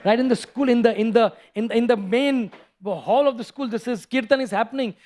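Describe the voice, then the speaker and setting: A man telling a scripture story in a sermon, animated and stopping to restart often. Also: extremely high pitch, brisk. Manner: animated, acts out characters, frequent restarts. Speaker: preacher giving a scripture class.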